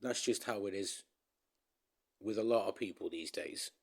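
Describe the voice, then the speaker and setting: A man's voice: fairly low pitch, moderate pace, husky. Rambling, emphatic man ranting. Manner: rambling, emphatic, addresses viewers as guys. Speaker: vlogger. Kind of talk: casual ranting vlog to viewers.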